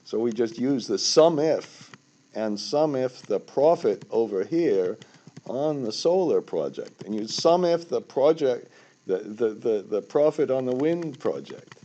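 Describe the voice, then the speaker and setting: A man's voice: medium pitch, expressive, a little slow, mellow, muffled recording. An older man giving a rambling, self-correcting finance lesson over a spreadsheet, with sudden emphatic bursts. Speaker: finance instructor. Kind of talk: screen-recorded spreadsheet tutorial.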